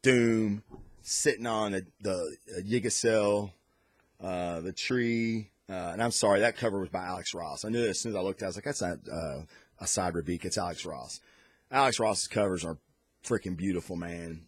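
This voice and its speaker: A man's voice: fairly low pitch, normal speed, no echo. A man hosting a podcast, giving an enthusiastic, rambling review of comic books with lots of restarts and fillers. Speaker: podcast host. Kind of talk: casual comic book review.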